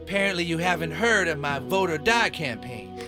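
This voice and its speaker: A man's voice: on the high side, animated, a little fast, lightly acted. A man voicing a menacing cartoon rapper who rap-sings profane threats to make people vote. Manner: profane, threatening, sing-song. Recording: clip with loud hip hop music behind.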